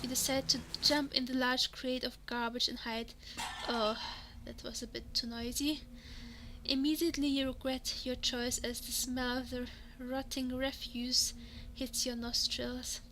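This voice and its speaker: A woman's voice: sits high, level tone, measured pace, bright, forceful tone, a little hiss or hum. A woman reading a text adventure game aloud in second person, sometimes dropping to a whisper. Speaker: game narrator. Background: background music.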